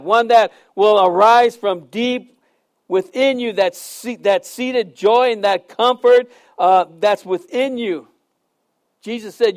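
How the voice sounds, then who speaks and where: A middle-aged pastor gives a conversational sermon, his high voice moving slowly as he tells stories. He swings suddenly between loud and soft and repeats phrases for emphasis.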